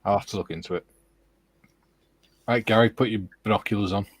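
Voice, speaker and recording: A man's voice: on the low side, steady tone, a little fast, husky. A man hosting a casual live stream, reading out chat messages with laughs and the odd swear word.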